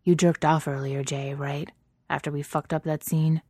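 A hushed young man who hisses and half-whispers, low and husky, as a woman reading aloud puts him on. The voice stays dark and even, recorded dry and close. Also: normal speed, no room sound. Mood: teasing.

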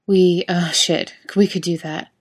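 A flustered, smitten young man, as a woman reader puts him on in a fiction audiobook. He speaks a little low and self-consciously, stumbling over himself in places. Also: steady tone, unhurried, breathy edge. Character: nervous smitten young man, office worker.

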